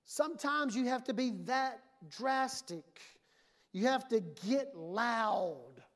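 A woman's voice: fairly high pitch, expressive, takes it slowly. A woman pastor preaching a sermon in a church, emphatic and conversational, often acting out the voices she quotes.

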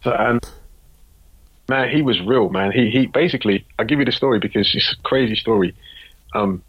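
A man from Britain, a creative director, telling animated, slangy anecdotes in a casual podcast interview. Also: medium pitch, normal speed, breathy edge, highs cut off.

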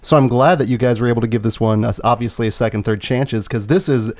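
A man hosts a relaxed podcast chat with a mid-range voice. He keeps the talk moving and puts questions to the panel. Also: medium pitch, quick pace. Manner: moderating, asks the panel questions. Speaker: podcast host. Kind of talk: casual podcast discussion.

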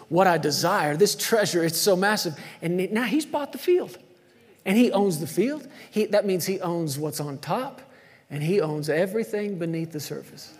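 A man's voice: high-pitched, darkish tone, long reverb tail. A man preaching a sermon, telling a story with energy and calling on the congregation to answer back. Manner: storytelling, calls on the congregation to respond.

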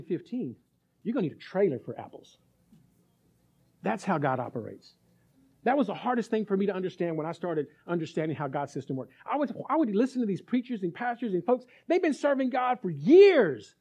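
High-voiced animated preacher man, lo-fi. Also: slightly rough. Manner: animated, acts out little dialogues, asks the crowd. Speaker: pastor. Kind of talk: sermon.

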